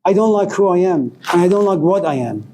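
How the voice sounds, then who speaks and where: A man's voice: lively intonation, a little fast, dark tone, a little hiss or hum. A man voicing an indignant male chicken in a cooking pot, in a whiny, exasperated, raised voice. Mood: resigned. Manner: whiny, exasperated, pitched high.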